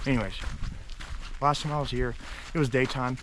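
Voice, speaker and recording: A man vlogging casually outdoors near railroad tracks, rambling with many fillers and sometimes dropping to a hush. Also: medium pitch, steady tone, normal speed, long pauses, noisy background. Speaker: urban explorer vlogger. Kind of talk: casual vlog narration.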